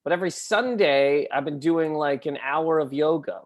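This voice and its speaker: A man with a somewhat high voice jokes about himself in a wry, self-deprecating way. He speaks in a relaxed tone during a casual comedy panel. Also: moderate pace. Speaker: comedian guest.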